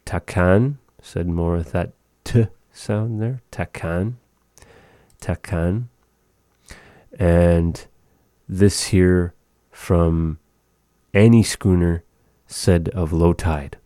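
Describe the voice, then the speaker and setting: A man teaching words of a language in a relaxed, chatty way, repeating each word slowly. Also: deep voice, no room sound, clean studio sound. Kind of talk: casual language lesson.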